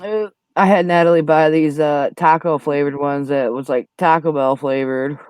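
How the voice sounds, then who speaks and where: A low-pitched woman chats on a live stream, blunt and teasing. She swears casually, and the sound is dry and close. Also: steady tone, normal speed, a little mellow, clear, resonant tone, no room sound. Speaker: panel guest.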